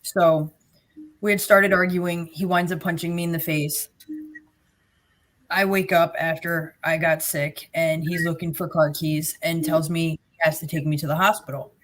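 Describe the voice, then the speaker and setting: A woman's voice: deep voice, little pitch movement, normal speed. A middle-aged woman from New Jersey with a Jersey accent, bluntly and sarcastically telling her own story as a guest. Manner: blunt, sarcastic, plain-spoken. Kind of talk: personal storytelling.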